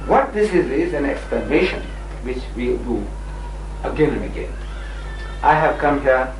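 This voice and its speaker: A man's voice: medium pitch, big pitch swings, unhurried. A man arguing his case in a debate, emphatic and argumentative, often acting out the people he quotes. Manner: emphatic, argumentative, acts out voices when quoting. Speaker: religious debater. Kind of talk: lively debate with dramatized quotes. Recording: echoey room, far from the mic, faint noise.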